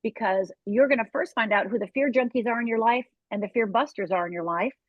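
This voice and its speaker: A woman's voice: on the high side, brisk, no room sound. Emphatic woman coach on a dull video call. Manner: emphatic, acts out inner voices, tags "right?". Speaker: fear coach guest. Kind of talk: interview conversation.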